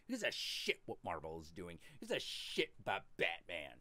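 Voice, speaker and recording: A man hosting a live stream, telling a story in a casual, profane and animated way. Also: low voice, normal speed, dry recording. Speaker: host.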